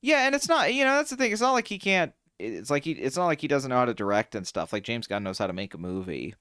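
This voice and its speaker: Young guy chatting, smooth clear voice, dry close sound, gets loud and high when excited, swears a lot. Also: fast, dry recording. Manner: animated, swears freely, jumps in pitch when excited. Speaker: podcast co-host. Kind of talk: casual chat.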